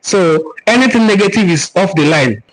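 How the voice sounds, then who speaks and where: This Nigerian-accented man hosts a cultural forum, teaching live and answering viewer comments with earnest, preaching conviction and repeated words for emphasis. His voice is high-pitched and animated at normal speed, recorded in low quality.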